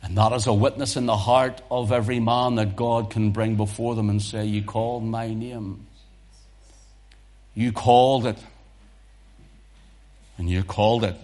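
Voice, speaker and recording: A man preaching a sermon at a slow, deliberate pace. His voice sits in a middle register and drops to breathy near-whispers before rising to fervent, loud exhortation. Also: fairly low pitch, fairly even intonation.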